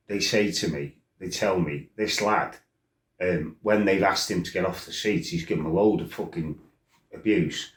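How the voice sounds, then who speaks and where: A man tells stories in a casual, rambling way, blunt and quick to swear. His voice sits on the low side. The room around him is roomy and echoey. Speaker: storyteller. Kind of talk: casual storytelling.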